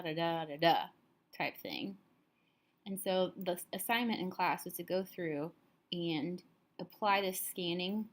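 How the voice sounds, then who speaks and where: A woman teacher calmly walking students through a recorded lesson, explaining step by step, a little tired. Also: on the low side.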